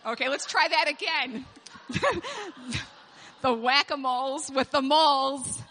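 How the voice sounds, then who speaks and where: A woman giving an animated storytelling sermon to a group of moms, laughing often as she speaks. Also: high-pitched, takes it slowly, a little hiss or hum. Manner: animated, laughs often while telling stories. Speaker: speaker at a moms' gathering. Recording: long hall reverb.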